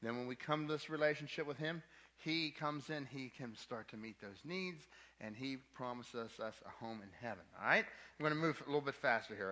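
Bright-voiced emphatic male preacher. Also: a little high, expressive, fairly quick. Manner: emphatic preaching with casual asides; repeats key points twice. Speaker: young adult ministry preacher. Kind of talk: sermon.

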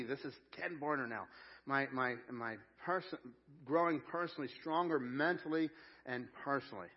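A man's voice: medium pitch, brisk. Man preaching with energy, lo-fi audio. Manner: energetic preaching that rises to loud emphatic peaks, with frequent repeated words. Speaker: pastor. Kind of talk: sermon. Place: church sanctuary.

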